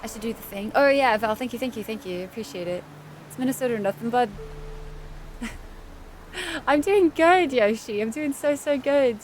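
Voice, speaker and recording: A woman's voice: on the high side, animated, normal speed, long pauses, darkish tone, a little hiss or hum. A woman live streamer chatting casually with viewers while playing a game, thanking people by name and laughing easily. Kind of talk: casual chat while gaming. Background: faint game music.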